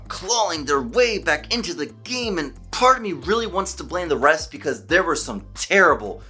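A man who is a hockey fan vlogger, giving an excited solo game recap, emphatic and stumbling over his words when worked up. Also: a little high.

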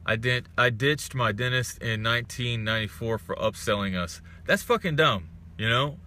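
A man's voice: medium pitch, moderate pace, bright, forceful tone, slight background noise. A young man from Texas hosting a casual live stream, greeting viewers and ranting with heavy profanity.

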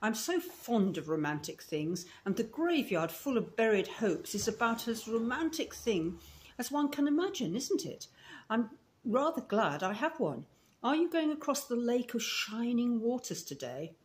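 A woman's voice: a little high, sing-song, normal speed. A woman with a Scottish accent reading aloud as a talkative, romantic eleven-year-old orphan girl in a storybook. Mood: wistful. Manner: gushing, romantic, breathless run-on talk.

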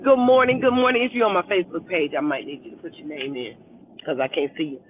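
A woman with a lowish voice speaks quickly over slight background noise as she hosts a casual live stream. She greets viewers one by one by name, laughs often, and urges them to vote. Her phone camera is held at arm's length, giving tinny, phone-like audio.

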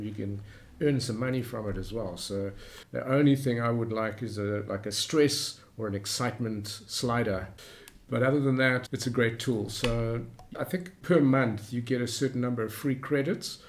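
A man hosting a screen-recorded software tutorial, explaining in a relaxed way with frequent fillers. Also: mid-range voice, normal speed, few pauses. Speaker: YouTube tutorial host.

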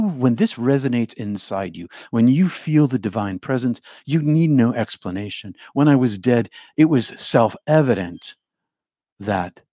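A man giving a reflective spiritual talk as a teacher, in slow, repetitive, incantatory phrases that often drop to a hush. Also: medium pitch, no room sound, studio quality.

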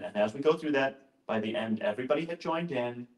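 A man's voice: mid-range voice, fast talker. A male pastor giving an informal, conversational talk, often interrupting himself with asides and jokes. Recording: roomy echoing room.

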